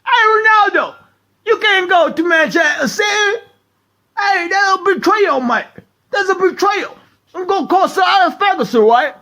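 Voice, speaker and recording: A man doing a shrill, frantic British football fan. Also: animated, moderate pace, heavily acted. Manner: pleading, shouting, near-crying.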